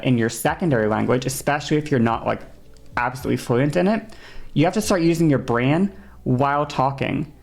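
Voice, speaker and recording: With a rumbling low, gravelly, darkish voice, a woman streamer from an English-speaking background chats casually while nursing a sore throat. She explains at length, rambling with lots of fillers and restarts.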